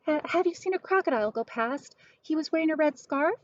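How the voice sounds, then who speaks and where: A woman's voice: sits high, animated, dry recording, lo-fi sound, pitched above the performer's own voice. A woman reading a storybook, voicing a flustered, anxious middle-aged woman who is searching frantically. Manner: hurried, breathless pleading.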